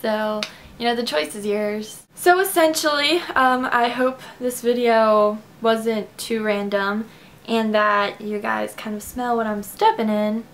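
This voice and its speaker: A woman's voice: a little high, steady tone, a little hiss or hum. A young woman from Kentucky talking to her subscribers in a casual vlog, emotional and close to tears, with lots of fillers. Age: young adult. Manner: emotional, teary, fast with many fillers. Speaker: vlogger. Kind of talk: casual heartfelt talk to camera.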